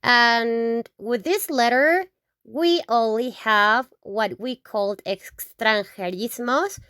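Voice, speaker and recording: A woman's voice: on the high side, takes it slowly, pushed and bright, clean tone, dry recording, studio quality. A woman teaching vocabulary in English. She says each word several times and checks in with "okay?". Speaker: Spanish teacher. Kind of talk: slow, repetitive vocabulary lesson.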